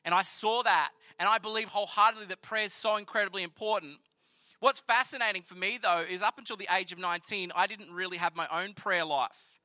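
A man with an Australian accent telling a personal faith story in an earnest, conversational, animated way. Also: high-pitched, fairly quick, dry recording. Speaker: speaker sharing a personal testimony. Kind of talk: storytelling sermon.

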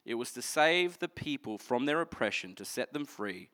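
A man preaching a sermon, earnestly explaining scripture and moving between energetic passages and hushed ones. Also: medium pitch, normal speed.

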